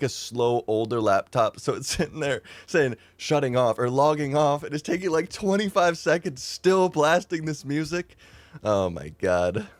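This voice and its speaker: A young man telling a rambling, animated storytime vlog, laughing at himself and swearing freely. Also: medium pitch, dry recording. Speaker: YouTuber.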